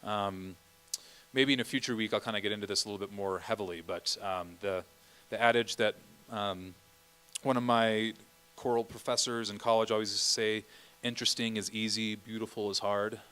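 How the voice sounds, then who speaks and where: A man's voice: fairly low pitch, fairly even intonation, normal speed, sharp tone, clean tone, low-quality recording. A man directing a choir rehearsal, counting beats and singing bits of phrases as he coaches the singers. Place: church rehearsal room.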